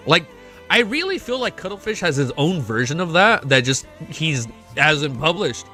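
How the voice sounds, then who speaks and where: A young man hosting a casual livestream, excitable and swearing often, reading chat aloud. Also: a little high, normal speed. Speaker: livestream host. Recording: faint music behind.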